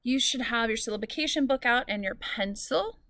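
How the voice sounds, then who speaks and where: Woman teacher walking students through a lesson, patient and clear, stretches out example words, dry close mic. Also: a little high, a little fast, pushed and bright, no room sound.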